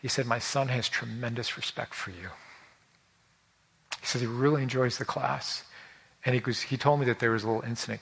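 A man preaching a conversational sermon, telling personal stories in an animated, folksy way with frequent repetitions and restarts. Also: medium pitch, a little fast, gravelly, pauses often, slightly rough. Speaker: pastor.

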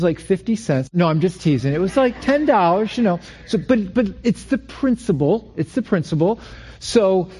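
A man with a fairly high voice preaches a sermon as pastor. He tells a personal story with teasing asides, repeating phrases and restarting sentences. When he gets animated, his voice climbs higher and louder. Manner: rises in pitch and volume when animated.

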